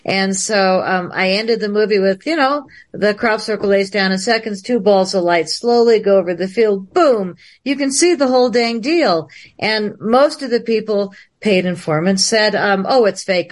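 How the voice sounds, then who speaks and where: A woman's voice: mid-range voice, moderate pace, hardly any pauses. A woman filmmaker telling a long story on a livestream, acting out the dialogue in different voices. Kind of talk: animated storytelling. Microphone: livestream video call.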